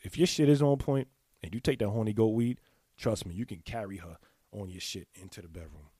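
A man in a casual, candid monologue, talking straight to his viewers in blunt, profane slang and clearing his throat now and then. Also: fairly low pitch, brisk, warm tone, dry recording, clean studio sound. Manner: confessional, speaks to the audience directly. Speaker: vlogger giving sex advice.

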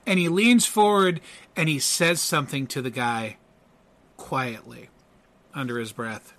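A man narrating a tabletop game as game master, halting and full of fillers. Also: mid-range voice, a bit bright, a little hiss or hum.

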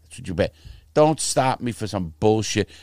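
A man's voice: fairly low pitch, moderate pace, dry recording, clean studio sound. Blunt, foul-mouthed middle-aged man. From United States. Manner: profane, blunt storytelling with lively quoted voices. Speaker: guest telling his life story. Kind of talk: casual chat.

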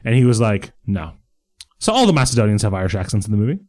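A man's voice: on the low side, sing-song, racing, a little mellow. A man co-hosting a podcast in casual, joking chat, teasing his friend. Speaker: podcast co-host.

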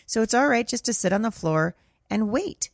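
A woman's voice: on the high side, expressive, normal speed, creaky, no room sound, clean studio sound. A middle-aged woman hosting a podcast, telling stories in an earnest, conversational way. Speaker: podcast host. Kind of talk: casual commentary monologue.

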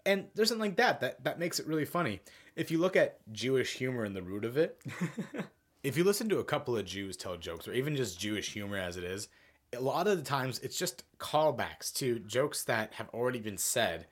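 A man's voice: medium pitch, very animated, a little fast. A young man hosting a casual podcast, rambling through stories and jokes and laughing often as he goes. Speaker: podcast host.

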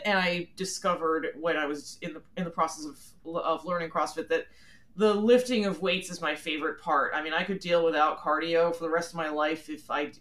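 A woman's voice: low-pitched, a bit bright. A woman in her forties from the Philadelphia area, a guest on a phone call, answering in a chatty, frank and self-deprecating way with many fillers. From Philadelphia area, USA. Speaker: interview guest. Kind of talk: conversational interview answers.

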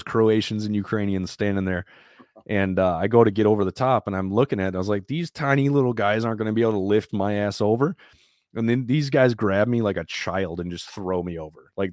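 A man telling a story in a casual, plain-spoken and animated way, sometimes swearing. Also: fairly low pitch, no room sound, clean studio sound.

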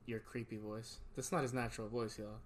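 A young American man co-hosting a podcast, teasing and naturally loud. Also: lowish voice, level tone, fairly quick. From United States. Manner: teasing, self-described loud. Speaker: podcast co-host. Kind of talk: casual podcast banter.

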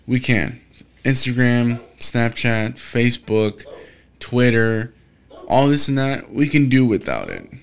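A young man in a mid-pitched voice holds forth alone on his podcast. He rambles, swears freely and keeps breaking off to restart his thoughts, sounding frustrated. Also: very animated, takes it slowly, gravelly. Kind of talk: casual solo podcast monologue.

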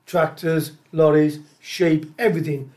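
A middle-aged man tells football stories in a loose, chatty way, acting out what people said to him. His voice sits a touch high for a man, and he rattles through the tales with easy good humour. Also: measured pace. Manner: chatty, animated anecdotes with acted-out dialogue and laughter. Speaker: interview guest, former footballer. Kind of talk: casual storytelling.

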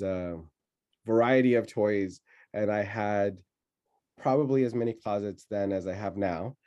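A man telling a childhood story in casual conversation, laughing often and pausing with many fillers. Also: on the low side, dark tone, muffled recording.

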